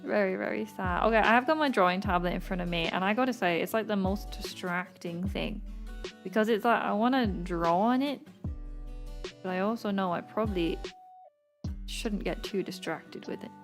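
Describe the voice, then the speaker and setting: A woman's voice: mid-range voice, normal speed. A young woman, chatting casually with her stream viewers and laughing often between lines. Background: faint music.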